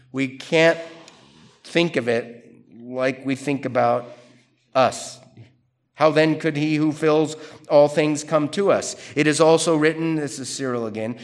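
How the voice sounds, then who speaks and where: A man giving a conversational theology lecture, reading quotations aloud and questioning them. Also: fairly high pitch. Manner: animated, conversational, reads quotes aloud. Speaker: theology teacher. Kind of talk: classroom lecture.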